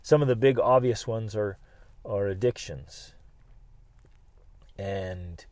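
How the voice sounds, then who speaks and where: A man hosting a family podcast, telling a personal story in a lively way, laughing and acting out other people's lines before drawing a life lesson. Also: lowish voice, slow pace, no room sound. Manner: animated, laughing storyteller who acts out voices. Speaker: podcast host.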